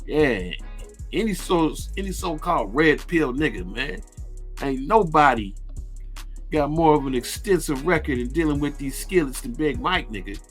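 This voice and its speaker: A man hosting a radio show, telling a street story in a laid-back, crude and boastful way, with halting restarts. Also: a little high, expressive, faint music behind. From Ohio. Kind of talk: casual profane storytelling.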